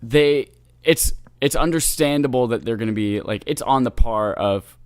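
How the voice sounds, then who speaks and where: A man co-hosting a gaming podcast, talking with enthusiasm and a joking, teasing streak. His voice sits at a middle pitch and sounds close and dry, with no room around it. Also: normal speed, clean tone, no room sound. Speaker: podcast co-host. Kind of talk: casual gaming podcast chat.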